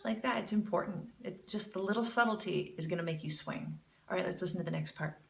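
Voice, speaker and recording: A woman's voice: fairly low pitch, fast, creaky, reverberant, far from the mic, slight background noise. A woman teaching jazz singing, critiquing a student and demonstrating phrases with scat syllables in an encouraging way. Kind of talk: music lesson critique with scat singing demos.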